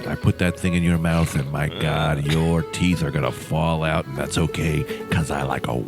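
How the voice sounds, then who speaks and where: A man voicing a crude male pitchman in a hushed, breathy bedroom voice, with music behind. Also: steady tone, moderate pace.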